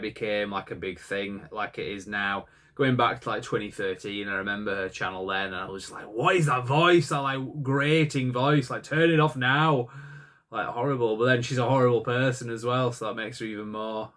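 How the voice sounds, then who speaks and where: Lower-voiced man, rambling and opinionated. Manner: rambling, opinionated, heavy use of "like" and "um". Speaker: podcast co-host. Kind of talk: casual chat.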